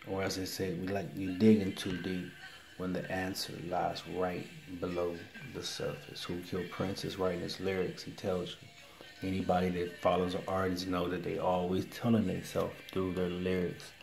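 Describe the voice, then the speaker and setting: A man telling a story to the camera in a casual, excitable way, repeating his exclamations. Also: deep voice, moderate pace, gravelly, soft background music.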